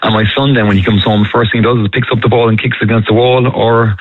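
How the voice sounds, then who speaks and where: A man calling in to a radio show, describing his children in a measured way. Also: mid-range voice, steady tone. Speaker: caller. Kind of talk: casual radio phone-in chat. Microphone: phone. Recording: tinny phone line, dry.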